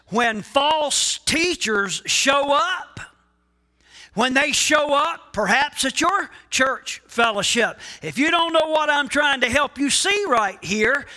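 Emphatic pastor preaching with a high, bright voice. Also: male voice. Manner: emphatic preaching with rhetorical questions and pauses. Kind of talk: sermon.

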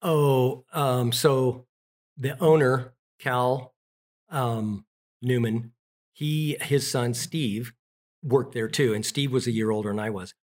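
A man's voice: mid-range voice, slow pace, a little mellow. A middle-aged man telling childhood stories in an interview, rambling with restarts and fillers. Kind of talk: casual storytelling.

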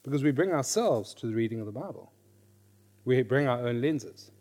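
A middle-aged man teaching a class on reading scripture. He is lively, questions his listeners, and repeats his key phrases. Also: mid-range voice, normal speed. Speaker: Bible teacher.

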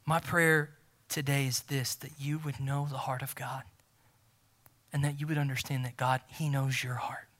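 A man preaching a sermon as pastor, emphatic and repeating key phrases, swinging from loud to near-whisper. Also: mid-range voice, level tone, moderate pace.

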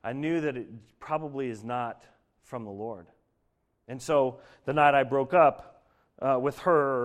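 A young man from Denver giving a sermon, telling a personal story in an earnest way that grows lively as he preaches. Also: medium pitch. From Denver, Colorado. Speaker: pastor.

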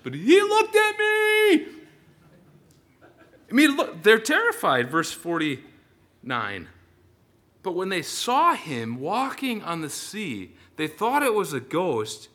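A male pastor preaching a sermon, telling the story with lively energy and frequent "uh" fillers and restarts. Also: fairly high pitch.

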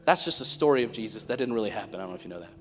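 A man preaching a sermon as guest speaker, swinging from hushed whispers to loud, fervent outbursts. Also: lowish voice, animated, racing, in a large hall, soft background music.

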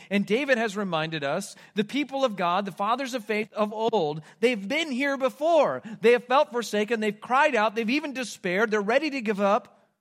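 A man preaching a sermon, reading scripture aloud and moving between loud, pleading cries and hushed, quiet lines. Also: high voice. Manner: reads scripture aloud with emphasis. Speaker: pastor.

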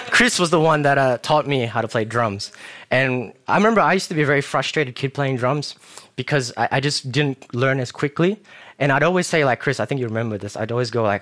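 A young man giving a sermon in a church, casual and animated, acting out quotes as he tells the story. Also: medium pitch, fast. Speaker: preacher.

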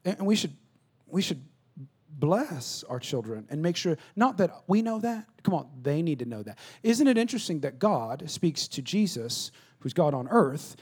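Animated high-voiced preacher man. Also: moderate pace, husky. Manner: animated preaching, swings from loud to hushed; conversational, plays out dialogue. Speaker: pastor. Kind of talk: sermon.

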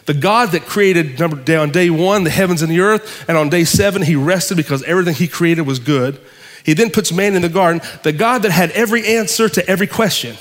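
A man's voice: high-pitched, fairly bright tone. A male pastor preaching a fervent sermon, building rhythmic lists with repetition. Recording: long hall reverb.

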